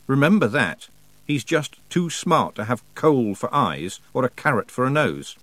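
A man's voice: mid-range voice, sing-song, unhurried, a bit bright, no room sound. A man voicing a young girl's dry, chiding second thoughts. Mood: wry chiding. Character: girl's wry inner second thoughts, scolding.

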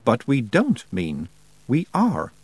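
A man reading an audiobook, voicing a cold male winter spirit who speaks in a slow, stilted, inhuman way. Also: medium pitch, huge pitch swings, breathy edge, dry recording, full character voice. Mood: puzzled. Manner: slow, oddly stilted speech. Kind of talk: audiobook character voice.

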